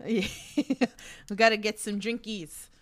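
A woman's voice: medium pitch, steady tone, slow pace, crowd noise. A woman from Queens with a New York accent, hosting a casual interview chat and laughing often. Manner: chatty, laughs often, gushing. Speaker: podcast host.

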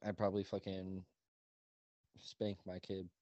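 A man's voice: low-pitched, monotone, unhurried, dark tone, dry recording, dull audio. A man co-hosting a podcast, breaking into casual chat with profane jokes and questions. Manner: joking, profane interjections and questions. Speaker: podcast co-host.

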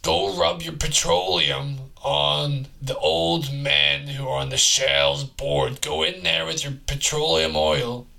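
A raspy, gravel-throated time-traveling freak, voiced by a man in an improvised comedy bit rants crudely about the future. His delivery is slow and drawn out, with a bright, sharp bite. He lurches cheerfully from one absurd idea to the next. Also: fairly high pitch, fairly even intonation, full character voice. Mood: manic ranting. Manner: rambling, crude, gleefully absurd rant.

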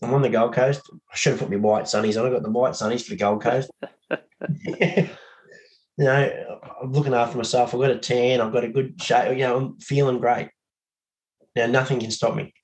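A man's voice: mid-range voice, steady tone, moderate pace, darkish tone, rough recording. A man with an Australian accent, a podcast guest chatting in a laid-back way, laughing easily and swearing. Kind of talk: casual podcast chat.

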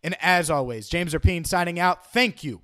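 A young man hosts a casual sports podcast, chatty and self-deprecating, often stumbling and repeating words. His voice is a little high and fairly bright, at a normal speed.

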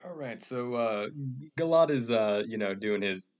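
A man's voice: fairly low pitch, animated, measured pace. A man narrating a comedic tabletop game as game master, rambling with many fillers and restarts.

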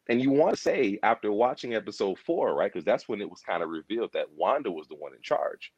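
A man's voice: lowish voice, brisk, few pauses, breathy edge, no echo, dull audio. A man chatting casually about a TV series, rambling, repeating himself and acting out lines as he talks. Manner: animated, rambling, repeats himself, acts out quotes. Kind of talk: casual pop culture discussion.

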